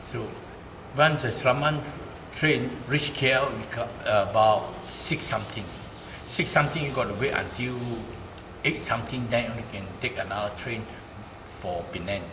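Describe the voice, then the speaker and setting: A man with a Malaysian English accent recounts a personal story in an animated, repetitive way. His voice sits in a middle register. He was recorded in a roomy space with clear background noise behind him. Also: moderate pace. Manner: animated, repeats phrases, gets louder and higher in quoted speech. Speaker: interviewee. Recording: roomy, noisy ambience.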